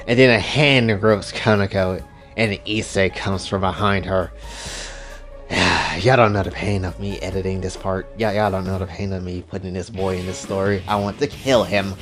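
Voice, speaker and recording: A man casually retelling his own story, animated and joking, with profane asides to his listeners. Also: low-pitched, moderate pace, faint music behind.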